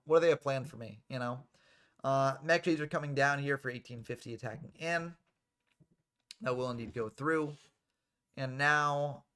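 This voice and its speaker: A man's voice: medium pitch, pushed and bright, clean tone. Chatty male card game commentator. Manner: chatty, drifts into off-topic asides. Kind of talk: casual play-by-play commentary.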